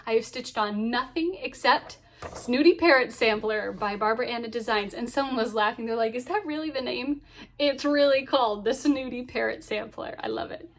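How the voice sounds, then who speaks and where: Talking casually to camera about her cross stitch, a woman in her thirties sounds upbeat and laughs often, sprinkling in lots of ums and so yeahs. She speaks at a moderate pace in a fairly high voice.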